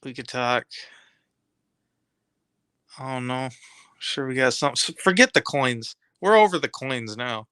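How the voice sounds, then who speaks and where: A man's voice: mid-range voice, animated, unhurried, long pauses, pushed and bright, clear, resonant tone, dry recording, clean studio sound. A man hosting a live stream, chatting casually and rambling to his viewers in streetwise slang.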